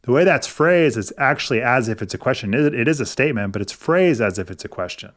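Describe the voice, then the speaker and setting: A middle-aged man talks to the camera about money in a relaxed, unhurried way. His voice sits at an ordinary pitch. He coaches gently and often pauses and restarts his sentences as he thinks. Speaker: personal finance video host. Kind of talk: casual explanatory talk to camera.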